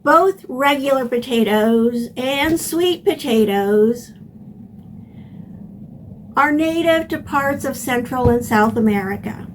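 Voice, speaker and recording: Older woman, gardening host, high voice, slow and plainspoken, instructional. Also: expressive, a little hiss or hum. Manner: unhurried, plainspoken explaining.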